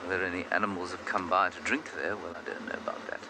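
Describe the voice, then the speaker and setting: A man's voice: sits low, steady tone, fast. A man working as a safari guide, giving chatty, self-deprecating commentary on a live game drive from an open vehicle outdoors. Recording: outdoor noise from a moving vehicle.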